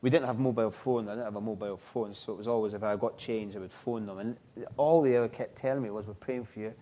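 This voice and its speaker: A middle-aged man, telling his life story in an interview, halting and reflective with frequent restarts. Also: on the low side, fairly even intonation, warm tone. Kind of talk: personal testimony in an interview.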